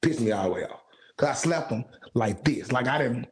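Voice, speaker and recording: A man, a singer guest, telling stories in an animated, casual way, acting out the voices he quotes in streetwise slang. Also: mid-range voice, fairly quick, a little hiss or hum, poor audio. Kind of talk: casual storytelling.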